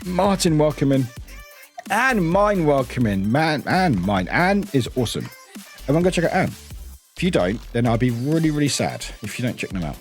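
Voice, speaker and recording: A man's voice: mid-range voice, sing-song, normal speed. Chatty British streamer, young man, greets chat, bouncy intonation over faint music. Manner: chatty, greets viewers, laughs often. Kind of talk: casual live-stream chat.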